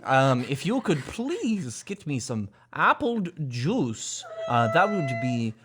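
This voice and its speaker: A woman voicing a little girl who talks like a pompous old British man, slow and overly formal. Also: a bass voice, sing-song, fairly bright tone, husky, full character voice.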